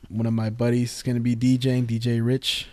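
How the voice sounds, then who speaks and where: A man's voice: mid-range voice, completely flat delivery, fairly quick, mellow, no echo. A man from the San Francisco Bay Area telling a story on a casual podcast, rambling with frequent restarts. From San Francisco Bay Area, California.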